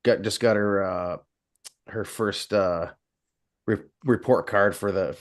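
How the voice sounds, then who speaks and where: Low-voiced man, hesitant, full of ums. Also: steady tone, takes it slowly. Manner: hesitant, many ums and uhs. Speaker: podcast co-host. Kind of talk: casual chat. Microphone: video call.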